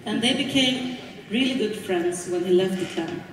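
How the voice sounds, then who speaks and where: An earnest woman with a Swedish accent gives a conference lecture, pausing now and then to find her words. Her voice sits at a middling pitch. She sounds distant, with a long reverb from a large hall. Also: background noise. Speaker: conference speaker. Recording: echoey hall from far off.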